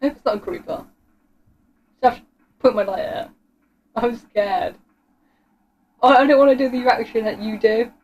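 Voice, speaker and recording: A woman's voice: on the high side, moderate pace, pauses often, highs cut off. A woman giving horror game commentary, giggling nervously and squealing with fright. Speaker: gamer.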